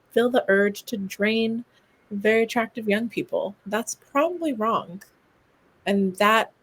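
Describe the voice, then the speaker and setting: Woman, tabletop player, slow pace, musing, casual. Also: mid-range voice. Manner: unhurried, musing.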